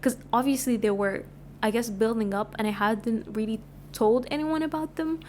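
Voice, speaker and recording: A woman's voice: on the high side, normal speed, a little hiss or hum. A woman in her twenties from Sudan, chatting casually as she tells stories on her podcast and filling her talk with "like". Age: 20s. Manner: chatty, animated, lots of filler "like". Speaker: podcast host. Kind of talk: casual storytelling.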